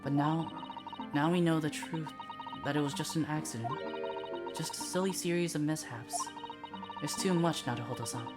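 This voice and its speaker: A woman doing a soft, polite young assistant. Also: sits low, moderate pace, close to an everyday voice. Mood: grieving. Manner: soft, mournful. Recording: voice over loud game music.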